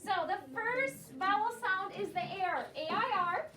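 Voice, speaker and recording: This phonics teacher speaks to her second graders in an extremely high-pitched, sharp-toned voice, animated and a little slow, patiently prompting them with questions and cues. A far camera captures the echoey classroom and its room noise.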